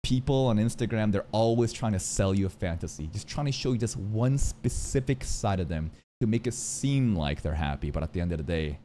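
A man streaming a casual anime reaction, animated and swearing freely, dropping into low asides between excited outbursts. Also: brisk, hardly any pauses, slight background noise.

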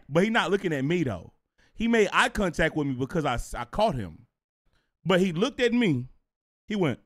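A man streaming live, telling a story to his chat in a casual, profane way. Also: on the high side. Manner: animated and profane, talks straight to viewers.

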